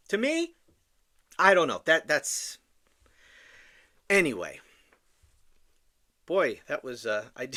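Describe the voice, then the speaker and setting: A man's voice: on the high side, sharp tone. A man hosting a political podcast, ranting in an indignant, profane monologue with stammering restarts. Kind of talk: opinion monologue.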